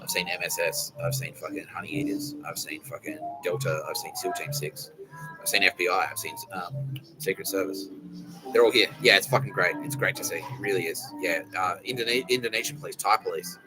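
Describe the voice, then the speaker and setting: A low-pitched man hosts a podcast in loose, rambling monologue. His talk is peppered with swearing as he addresses unseen listeners. Music plays clearly behind his voice. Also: fairly quick, poor audio. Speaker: podcast host. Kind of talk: casual monologue.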